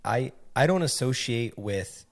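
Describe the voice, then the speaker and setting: A man hosting a podcast, talking in a relaxed, reflective way and often saying "like". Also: mid-range voice, measured pace, vocal fry. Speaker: podcast host. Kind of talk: casual conversation.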